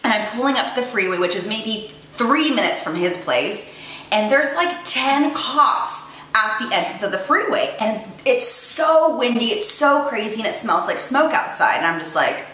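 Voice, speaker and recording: A woman's voice: on the high side, expressive, moderate pace, pushed and bright. A woman in her twenties telling a story in a casual vlog in a chatty, self-mocking way. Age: 20s. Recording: echoey room with faint noise.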